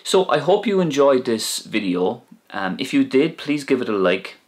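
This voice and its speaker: A man teaching vocabulary, saying each word slowly and carefully twice. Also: medium pitch, sing-song. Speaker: language teacher. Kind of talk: casual language lesson.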